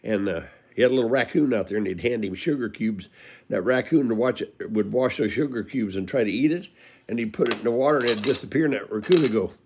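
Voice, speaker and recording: An older man from California spins rambling, folksy yarns in a relaxed spoken way. His voice sits mid-range and rough with gravel. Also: medium pitch, fast. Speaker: storyteller. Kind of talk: casual spoken storytelling.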